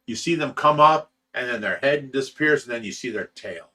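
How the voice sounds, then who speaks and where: A man's voice: medium pitch, lively intonation, brisk, pushed and bright. A man hosting a casual livestream from a fish rescue, reading viewer comments aloud, chuckling often and trailing off with "you know.". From United States. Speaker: livestream host reading chat.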